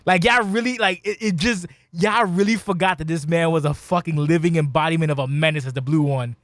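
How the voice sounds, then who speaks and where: Male co-host, higher-pitched, profane mock-angry ranter, dry close mic. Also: a little fast, fairly bright tone, no echo. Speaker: podcast co-host. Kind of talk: casual post-show chat.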